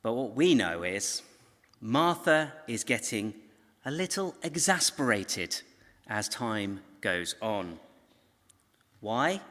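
A man's voice: medium pitch, bright, forceful tone. A man giving a recorded Bible teaching talk, telling the story conversationally with asides to his viewers. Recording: long hall reverb.

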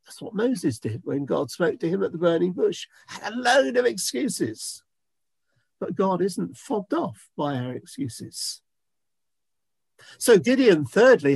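A man's voice: sits high, sing-song, a little slow, gravelly, darkish tone, slightly rough, dry recording. A man preaching a sermon, telling a Bible story expressively and voicing the dialogue.

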